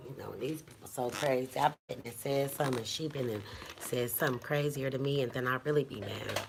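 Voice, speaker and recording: A vlogger in her fifties chats casually at home indoors, rambling in a blunt, profane way. Her voice is rumbling low, brisk and creaky, with slight background noise.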